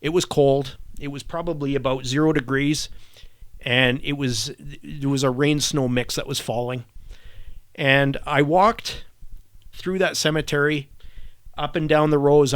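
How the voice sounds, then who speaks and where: A middle-aged man, a retired army warrant officer who is a podcast guest, telling a personal story in a halting, reflective way and often repeating and restarting words. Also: a little high, fairly even intonation, smooth, no echo. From Canada.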